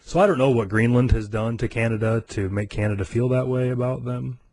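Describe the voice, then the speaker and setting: Animated american man telling a story. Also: medium pitch, a little fast. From United States. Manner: animated, acts out other people's lines in quoted voices, laughs often. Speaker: podcast host. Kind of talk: casual storytelling.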